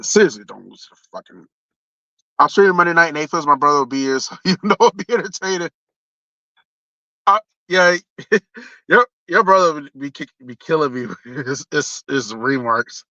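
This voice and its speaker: A man's voice: on the high side, normal speed, bright, forceful tone, no room sound. A young man, ranting casually about sports on a live stream, blunt and profane, often restarting his sentences. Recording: dull lo-fi stream audio.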